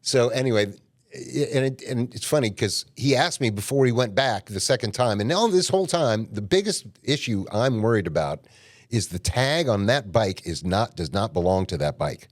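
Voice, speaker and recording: A man's voice: medium pitch, expressive, moderate pace, dry recording, studio quality. A man telling a rambling, colloquial story on a podcast, with a bit of casual cursing. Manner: rambling, colloquial, mildly profane. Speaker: podcast guest or host.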